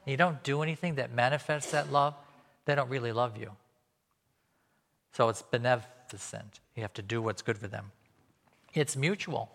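A man's voice: medium pitch, moderate pace, long pauses, a bit bright. A man preaching a sermon, telling stories and acting out the voices of the people he quotes. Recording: long hall reverb.

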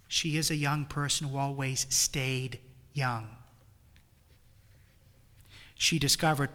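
A man's voice: mid-range voice, sharp tone, in a large hall. A man with a New England accent preaching a retreat sermon, swelling emphatically on key phrases. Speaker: priest leading a retreat.

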